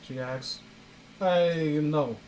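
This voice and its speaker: A man's voice: a little high, extremely slow, a little mellow, rough recording. A young man hosting a comedic reading of fan fiction, sarcastic and exasperated in his commentary. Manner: sarcastic, exasperated, breaks into laughter.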